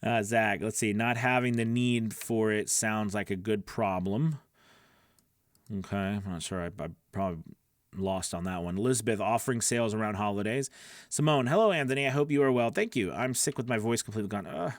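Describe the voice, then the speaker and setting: A man's voice: fairly low pitch, a little fast, no echo. A man hosting a live class for voice actors, talking casually and rambling with plenty of fillers, laughing often and answering viewers by name. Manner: rambling and conversational, many fillers and restarts. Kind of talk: casual live-stream teaching, reading chat questions.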